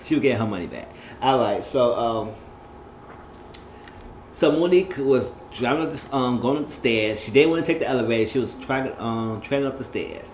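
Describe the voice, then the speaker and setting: A man's voice: moderate pace, a little mellow. Chatty man recapping with roomy lo-fi sound. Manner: chatty, laughs often, acts out cast members in high squeals. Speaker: reality show recapper. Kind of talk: casual recap vlog. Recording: roomy, dull lo-fi sound with faint noise.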